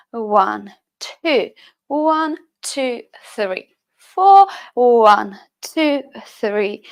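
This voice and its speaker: A woman teaching a chair burlesque fitness class, counting beats aloud with encouraging, sing-song cues. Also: fairly high pitch. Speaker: dance fitness instructor.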